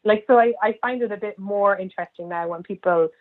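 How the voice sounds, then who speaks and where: A woman's voice: medium pitch, fairly quick. A woman with an Irish accent, chatting casually as an interview guest and telling funny anecdotes full of "like" fillers. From Ireland. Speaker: guest, comedian and writer. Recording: tinny phone-line sound.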